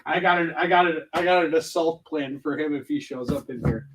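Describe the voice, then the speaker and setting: A man's voice: fairly high pitch, fairly quick, recorded from a distance, very noisy. A man casually chatting on a livestream while prepping his stock in a room indoors, rambling and joking with viewers between tasks. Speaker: comic artist livestreaming convention prep. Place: indoor prep room where he packs books.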